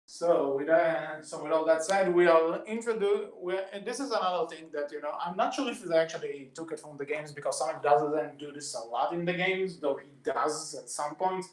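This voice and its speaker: A man's voice: a little high, a little fast, hardly any pauses, echoey room. A man co-hosting a podcast, eagerly retelling movie scenes at length in casual discussion. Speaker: podcast co-host.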